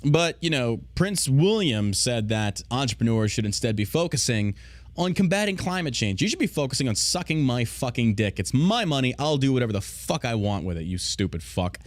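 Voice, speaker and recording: A man's voice: medium pitch, sing-song, brisk, no room sound. A man hosting a podcast, ranting in casual, profane, sarcastic commentary. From United States. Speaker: podcast host.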